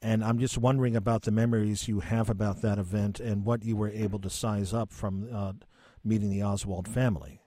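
A male interviewer asks questions in a measured, conversational way. His voice sits a bit low. The sound is close and dry. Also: fairly even intonation, warm tone, no echo. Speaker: interview host.

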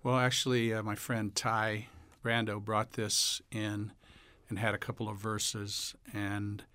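A man's voice: fairly low pitch, unhurried, dry recording. A man, a songwriter and musician, talking casually in an interview about how he wrote a song, now and then singing a line to show what he means. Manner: relaxed storyteller, breaks into song to illustrate. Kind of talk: casual interview talk with sung snippets.

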